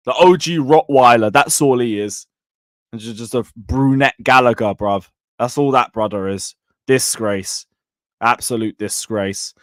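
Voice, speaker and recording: A man hosting a live football stream, reading super chats and mocking rivals with excitable banter. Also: mid-range voice, a little slow, no room sound, clean studio sound.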